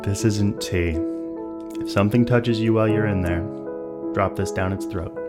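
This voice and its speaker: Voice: low voice, moderate pace, close to an everyday voice. A game master voicing a guarded, cryptic woman who is the hero's twin sister, speaking tersely and ominously, with faint music behind.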